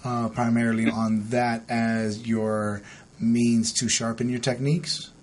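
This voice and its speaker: A man's voice: mid-range voice, flat delivery, measured pace, darkish tone. A man in his thirties asking friendly, hesitant questions in a casual interview. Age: 30s. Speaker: interviewer, up-and-coming comic.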